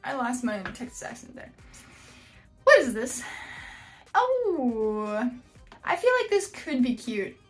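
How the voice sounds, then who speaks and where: A woman with a high, light voice hosts a casual reaction video. She talks bluntly and jokingly, breaking into frequent surprised exclamations, with faint music in the background. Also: big pitch swings, slow pace, pauses often. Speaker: YouTube host reacting to house listings.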